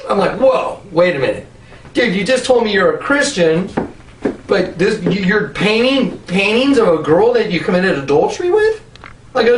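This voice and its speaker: A man giving an animated presentation as a preacher, laughing often and acting out both sides of conversations. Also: high voice, moderate pace, a little hiss or hum. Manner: excitable, laughs often, acts out dialogue. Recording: roomy echo, mic at a distance, faint ambience.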